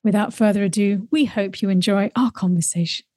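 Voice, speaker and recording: A woman's voice: mid-range voice, fairly quick, no room sound, studio quality. A woman from New Zealand with a light Kiwi accent, co-hosting a podcast and introducing and questioning a guest. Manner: warm, scripted introduction then conversational questions. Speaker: podcast co-host. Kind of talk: interview hosting.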